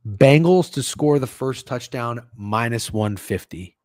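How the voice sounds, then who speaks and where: A man's voice: mid-range voice, expressive, measured pace, a little mellow, dry recording. Loose, profane male stream host, dry sound. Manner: loose and profane, joking with chat. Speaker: sports betting stream host. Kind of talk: casual livestream chat.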